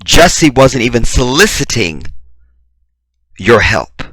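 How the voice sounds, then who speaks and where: A man's voice: mid-range voice, sing-song, slow pace, fairly bright tone, slightly rough, no room sound. A man giving a combative, profane reaction commentary full of rhetorical questions.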